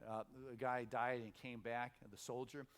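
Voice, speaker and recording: A man's voice: medium pitch, little pitch movement, moderate pace, fairly bright tone, smooth. A middle-aged male minister giving an informal, conversational sermon at a spiritual center, stopping and restarting, then building momentum through repeated phrases.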